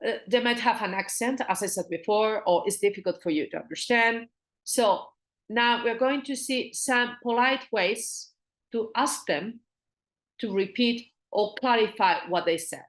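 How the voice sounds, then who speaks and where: Teaching an online business English class, a Spanish-accented woman with a slightly high voice says phrases slowly over again and explains things in Spanish.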